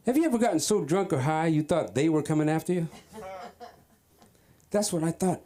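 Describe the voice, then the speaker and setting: A man's voice: on the high side, lively intonation, moderate pace, pauses often, mellow. A man doing a stand-up comedy set at an open mic, telling a story and acting out the voices of the people in it. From Cape Verde. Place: comedy club stage.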